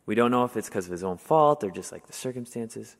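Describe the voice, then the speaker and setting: A young adult man preaching a sermon in a casual, conversational way, with many fillers, getting animated when he tells stories. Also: on the low side, fast talker, vocal fry. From Wisconsin, US. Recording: long hall reverb.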